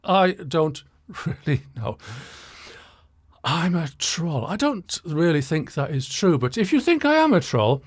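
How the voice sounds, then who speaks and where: A man's voice: on the high side, big pitch swings, unhurried, no room sound, clean studio sound. An older man, hosting a channel and reading out viewer comments with wry, chuckling humor. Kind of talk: casual talking-head commentary. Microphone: shotgun mic.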